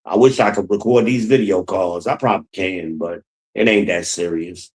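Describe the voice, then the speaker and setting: A man's voice: sits low, moderate pace, darkish tone, rough recording. A man hosting his own podcast, talking casually and bluntly on his own, venting with profanity and repeating his points. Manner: rambling, repeats himself. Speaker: podcast host. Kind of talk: casual solo monologue.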